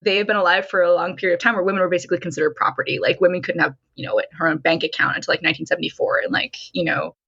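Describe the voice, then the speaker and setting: Bright-voiced woman telling stories. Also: lowish voice, racing, vocal fry, hardly any pauses, slightly rough. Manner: animated storytelling, frequent "like". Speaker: nonprofit consultant and coach, guest. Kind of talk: conversational podcast interview. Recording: dull lo-fi sound.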